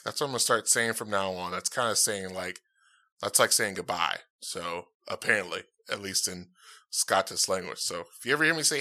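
A man's voice: on the low side, normal speed, sharp tone. A man hosting his own podcast in casual, rambling chat, upbeat and full of fillers, speaking into a dynamic podcast mic. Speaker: podcast host.

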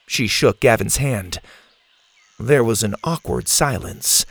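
A man reads a children's adventure story aloud with steady storytelling. His mid-range voice carries a gravelly edge. The recording is close and dry. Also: mid-range voice, takes it slowly, no echo. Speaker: narrator. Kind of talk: audiobook narration.

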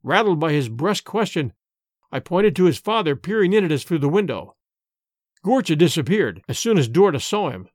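A man narrating a classic story in an expressive, theatrical reading. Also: fairly high pitch, moderate pace, dry recording, studio quality. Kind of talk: audiobook storytelling.

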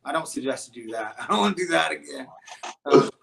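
A band member appearing as a guest on an interview show rambles through his stories in an animated way, restarting often and leaning on fillers. His voice is on the high side, fast, and marked by vocal fry.

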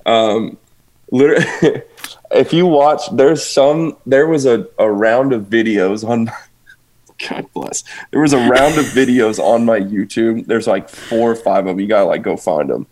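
A young musician rambles through a casual podcast chat, laughing at himself and restarting his sentences. His voice sits at a middle pitch for a man. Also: a little slow, darkish tone. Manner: rambling, self-deprecating, laughs often, lots of restarts.

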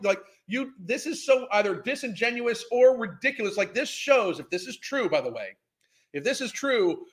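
A man's voice: very high-pitched, sharp tone. A man hosting a podcast, ranting with exasperated disbelief and heavy profanity as he reacts to clips. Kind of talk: ranting commentary.

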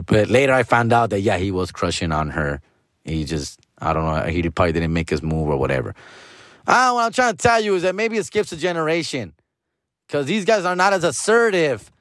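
A man's voice: sits low, lively intonation, moderate pace, no room sound, studio quality. Slangy man rambling on a podcast. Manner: slangy, profane, rambling, mixes in Spanish. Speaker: podcast host. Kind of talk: casual podcast monologue.

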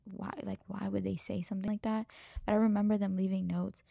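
A woman shares her life story on her own podcast in a frank, loose way, cursing casually and circling back mid-sentence. Her voice is warm and mellow with a gravelly texture. The sound is dry and close, with no room around it. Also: medium pitch, flat delivery, brisk, no room sound. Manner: candid, swears freely, rambling restarts. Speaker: podcast host. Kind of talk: personal storytelling monologue.

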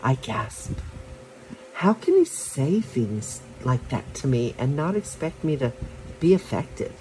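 A podcast host reading an erotic story in slow, expressive first-person narration. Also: medium pitch, a little hiss or hum, low-quality recording.

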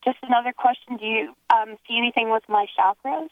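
A woman's voice: on the high side, steady tone, a little fast, no room sound. A woman calling in to a show by phone, hesitant and stammering, with nervous laughs. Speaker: caller. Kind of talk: casual chat. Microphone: telephone. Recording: tinny phone line.

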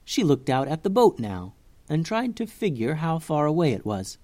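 A man reading a children's adventure story aloud with expressive narration. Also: on the high side, normal speed.

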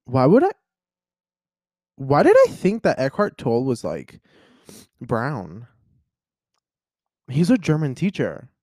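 A young man chatting casually on his own as a podcast host, rambling, excitable and often cutting himself off mid-thought. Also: medium pitch, slow, pauses often, no room sound, clean studio sound. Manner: rambling, self-interrupting, excitable. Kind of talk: casual solo chat.

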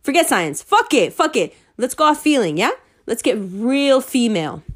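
A woman ranting to her followers, heated and sarcastic, swearing freely and at times rising almost to shouting. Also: on the high side, big pitch swings, moderate pace. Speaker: online commentator.

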